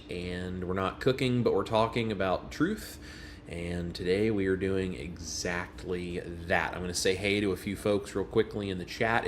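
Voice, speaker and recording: A man's voice: on the low side, slight background noise. A man hosting a casual livestream, greeting viewers by name in a friendly way. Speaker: livestream host.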